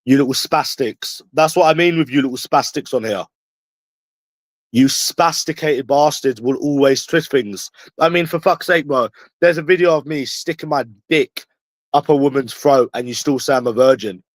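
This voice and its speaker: A man from London with a medium-pitched voice, speaking at normal speed, hurls a combative, profane and repetitive rant at his livestream chat. The recording has no room sound.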